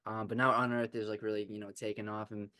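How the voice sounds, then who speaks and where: Flat low-voiced man, earnest and encouraging. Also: quick pace, dry recording. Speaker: podcast host. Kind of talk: casual interview chat.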